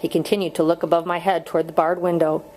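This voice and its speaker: A woman narrating a novel chapter aloud in a steady, measured reading voice. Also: fairly low pitch, a little hiss or hum, low-quality recording. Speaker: audiobook reader. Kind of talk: audiobook narration.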